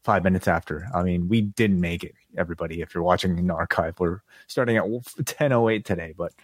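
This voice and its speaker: Podcast co-host, man, lowish voice, hesitant and stammering, dry close sound. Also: fairly quick, no room sound. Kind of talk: casual live chat.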